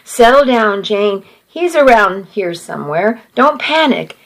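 A woman reading a story, voicing a calm man who speaks in a gentle, soothing way. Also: medium pitch, unhurried, poor audio. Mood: reassuring. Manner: soothing, steady. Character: calm reassuring man, a friend.

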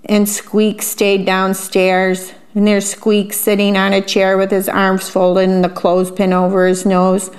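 A woman reading a picture book aloud and pausing to describe the pictures in a chatty aside. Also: medium pitch. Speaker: storyteller.

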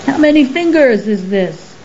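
A woman voices a huge, furry storybook beast who fires scornful questions at a captive, slow and mellow in delivery. Its sorrow and temper sit just under the words. The recording is slightly dull, with a faint hiss behind it. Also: a little high, lively intonation, pitched above the performer's own voice. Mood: questioning. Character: huge furry male beast, gruff, grieving and short-tempered.

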